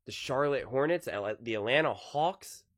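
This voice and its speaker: A man's voice: medium pitch, animated, normal speed, fairly bright tone, dry recording, studio quality. A man giving a sports opinion monologue, arguing with rhetorical questions and rising to emphatic peaks.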